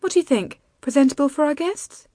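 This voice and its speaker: A woman's voice: high voice, animated, a little fast, mellow, no echo, studio quality, voice pushed up. A woman narrator voicing a playful, affectionate young noblewoman in a lifted, lighter voice. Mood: teasing. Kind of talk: audiobook character voice.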